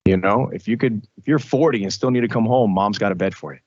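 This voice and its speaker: A man, a radio host, talking as a guest in a casual interview, animated, with frequent restarts and repetitions. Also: on the low side, fast, no echo, highs cut off.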